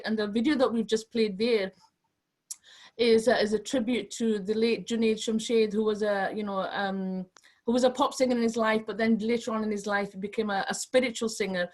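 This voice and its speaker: Woman, interview host, effusive, halting with fillers, a little high-pitched. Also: a little mellow.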